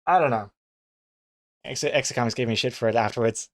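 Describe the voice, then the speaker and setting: A man's voice: mid-range voice, a little fast, pauses often. A man, chatting casually on a live stream and telling rambling anecdotes with chuckles and fillers. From New Zealand.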